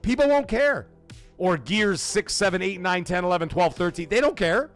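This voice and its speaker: A man's voice: high-pitched, sing-song, moderate pace, faint music behind. A man hosting a live gaming podcast stream, ranting profanely and greeting his chat by name.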